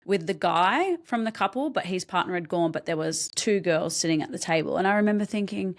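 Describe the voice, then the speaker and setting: A young adult woman, a podcast guest telling her own story in a candid, halting way, with many ums and restarts. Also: lowish voice, lively intonation. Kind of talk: personal story told in an interview.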